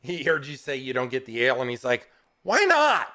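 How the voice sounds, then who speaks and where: A man narrating as game master in a tabletop game, casual and quick to laugh, with music faintly behind. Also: medium pitch, fairly even intonation, bright, forceful tone.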